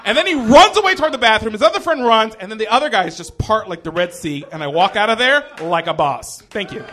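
A young man telling a comic personal story on stage, animated, swearing freely and shouting out the lines he quotes. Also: high-pitched, fairly quick, a little hiss or hum. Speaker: storyteller at a live storytelling show.

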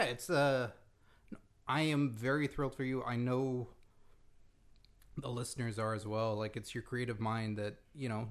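A man's voice: mid-range voice, fairly bright tone. A man co-hosting a casual podcast, joking and swearing often and rambling with fillers as he gives announcements. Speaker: podcast co-host.

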